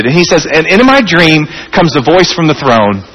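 A man preaching a sermon in a church, earnest, rising high and animated then dropping soft and intimate. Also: normal speed, breathy edge, in a large hall, rough recording. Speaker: pastor.

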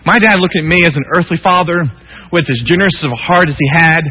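Husky-voiced preacher on tinny radio. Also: male voice, on the high side, fast, big-room sound. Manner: earnest, conversational, with frequent restarts and asides. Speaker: pastor. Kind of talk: sermon with personal storytelling.

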